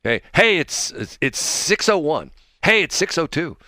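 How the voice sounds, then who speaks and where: A man's voice: on the high side, very animated, unhurried, bright, forceful tone, dry recording, studio quality, voice pushed up, exaggerated voice. A man voicing a chirpy, upbeat male radio countdown host in a breezy sing-song manner.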